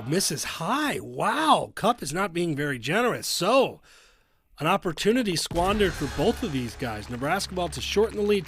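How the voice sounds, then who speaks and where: Excitable man calling golf game matches. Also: a little high, a little hiss or hum. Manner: excitable, bursts into shouts at big shots; chatty, jokey asides. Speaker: commentator. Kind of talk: video game play-by-play commentary.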